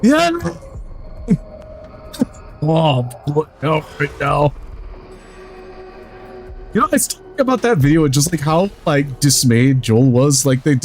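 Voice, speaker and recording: A man streaming a video game in casual chat, excitable, swearing freely and laughing often while he yells at the game. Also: a little high, a little slow, pauses often, faint music behind.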